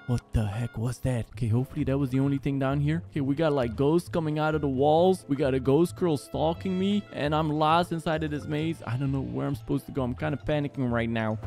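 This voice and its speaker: A man's voice: medium pitch, a little fast, vocal fry, hardly any pauses, a little mellow, faint music behind. A young man hosting a gaming channel, giving jumpy, exclaiming commentary on a horror game and talking to his viewers.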